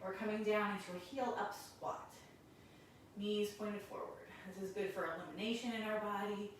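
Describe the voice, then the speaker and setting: A woman teaching a guided yoga class, giving calm, encouraging cues while doing the poses and a little out of breath. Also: mid-range voice, normal speed, heavy reverb, far from the mic, a little hiss or hum, rough recording. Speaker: yoga instructor.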